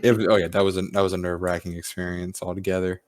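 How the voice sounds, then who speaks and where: A man's voice: low voice, flat delivery, rapid-fire, darkish tone, no room sound, clean studio sound. A man hosting a podcast, telling a casual story with acted-out quotes and plenty of swearing. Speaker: podcast host. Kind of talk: casual chat.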